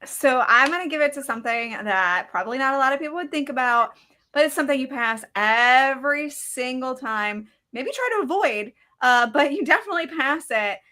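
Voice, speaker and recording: Woman podcast co-host, high bright voice, upbeat casual chat. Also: animated, a little fast.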